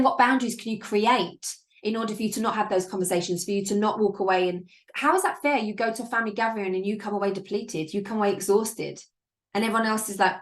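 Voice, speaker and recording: A woman hosting a live coaching show, talking in a bubbly, gushing and emphatic way. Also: medium pitch. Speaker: business coach and show host. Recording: roomy echo.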